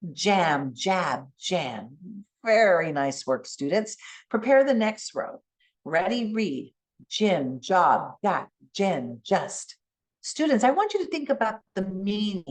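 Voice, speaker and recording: Animated bilingual woman teaching phonics. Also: medium pitch. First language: Spanish. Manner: animated teacher voice, modeling sounds slowly. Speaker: keynote speaker. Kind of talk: conference keynote with classroom demonstration.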